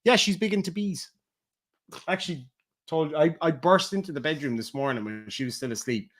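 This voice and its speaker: Irish man, streamer, bright tone, slightly high voice, profane and jokey. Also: normal speed. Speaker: streamer reading donations. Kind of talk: casual livestream chat.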